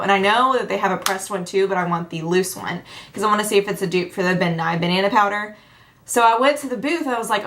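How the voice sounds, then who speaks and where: Bubbly chatty young woman vlogger. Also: a bit bright. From Tennessee. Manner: bubbly, chatty, acts out quotes with big pitch jumps. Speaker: beauty vlogger. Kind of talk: casual chat to camera.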